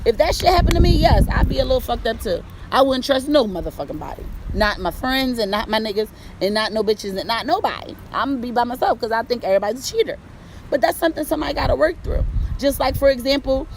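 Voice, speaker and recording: A woman talks loud and blunt, swearing freely as she gives relationship advice in a streetwise, conversational way. Her voice sits a little high. Faint city traffic hums behind her outdoors. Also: low-quality recording. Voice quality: loud-talking. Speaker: host. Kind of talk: casual relationship advice talk.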